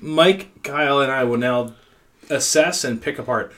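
A man's voice: mid-range voice, a little slow, crowd noise. A man co-hosting a casual podcast over drinks, teasing his friends playfully. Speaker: podcast co-host.

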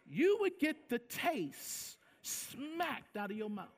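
Animated, gravelly-voiced preaching man. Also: very high-pitched, slow. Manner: animated preaching, acting out quoted lines, repeats words for emphasis. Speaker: pastor. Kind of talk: sermon.

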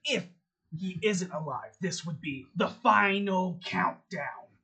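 A game master voicing a cursed thirty-three-year-old man trapped in a little boy's body, theatrical and grandiose, swinging between whispers and booming lines. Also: slow, vocal fry, pushed and bright, full character voice. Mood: melodramatic.

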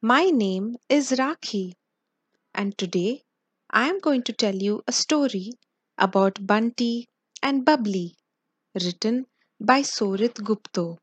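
Woman reading a kids story real slow, kinda breathy, dry close sound. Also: on the high side, no room sound. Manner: slow, expressive read-aloud.

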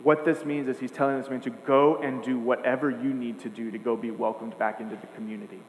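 A man's voice: medium pitch, steady tone, fast. A man preaching a sermon, earnest and emphatic, building points with repeated phrases. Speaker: pastor. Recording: echoey hall, faint hum.

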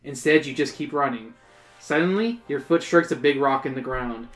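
Host, read-aloud storybook, playful asides, mid pitch, faint music behind. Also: normal speed. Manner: playful, joking asides, laughs while reading. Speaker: reader and host. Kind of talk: reading a choose-your-own-adventure book aloud to friends.

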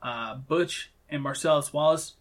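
A man co-hosting a casual talk show, retelling film scenes and quoting lines in quick bursts. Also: fairly high pitch. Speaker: podcast co-host. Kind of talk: casual chat recapping a film.

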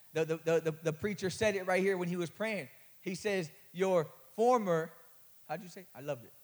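Young male preacher, high voice, rousing sermon delivery that builds to loud peaks, with stumbling starts and asides to the crowd. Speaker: guest preacher.

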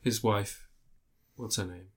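A man co-hosting a casual podcast about films, talking in a sweary, animated way and often laughing. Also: fairly low pitch, slow. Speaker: podcast co-host. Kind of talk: casual film review chat.

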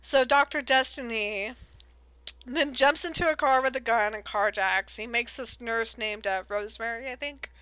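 A woman's voice: fairly high pitch, moderate pace, pushed and bright, smooth, no room sound, lo-fi sound. A woman co-hosting a podcast, recapping a book in a giggly, rambling, sarcastic casual chat.

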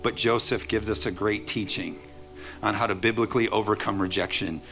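A male pastor giving a sermon to a congregation in a church, preaching in an energetic, conversational way with playful asides. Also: on the low side, a little fast, vocal fry, faint music behind.

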